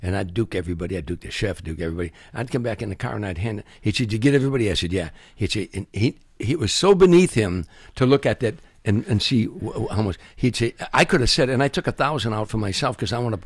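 Older man, husky storyteller. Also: lowish voice, fast talker, few pauses, no echo, clean studio sound. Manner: animated anecdotes, acts out quotes. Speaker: guest comedian. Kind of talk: storytelling interview.

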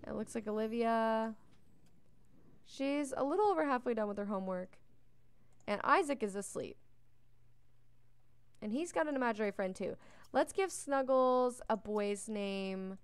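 A woman's voice: a little high, expressive, moderate pace, clean tone, no room sound. A young woman giving casual, chatty gameplay commentary as a let's play host, talking to the characters on screen and yawning often. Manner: chatty, talks to the game characters. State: yawning a lot.

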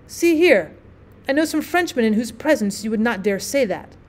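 A furious young woman, indignant and vehement as she defies a cruel officer, read by a woman narrating a classic story. The voice sits somewhat high and sharp with anger. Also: animated, moderate pace.

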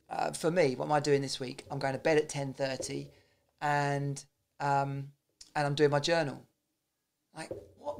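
A man's voice: a little high, vocal fry. A man giving a casual, blunt motivational talk, swearing freely and often restarting his sentences. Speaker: self-improvement vlogger.

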